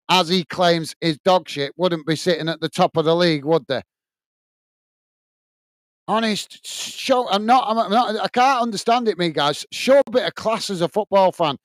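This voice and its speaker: British man, fan channel host, chatty, lots of fillers, higher voice, dry close sound. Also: no room sound. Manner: chatty, calls viewers mate, many fillers. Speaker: watch-along host. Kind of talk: live match commentary and chat reading.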